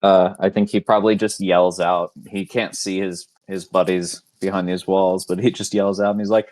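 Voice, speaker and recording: Man, game player, very low voice, casual with swearing, dry close recording. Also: level tone, normal speed, hardly any pauses, a little mellow, dry recording. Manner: casual, swears freely, describes his character's moves. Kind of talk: casual tabletop game play.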